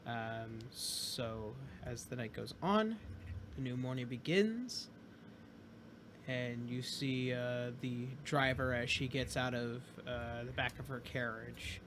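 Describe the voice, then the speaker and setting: A man's voice: medium pitch, noisy background. A man running a tabletop game as game master, narrating in a rambling way full of fillers.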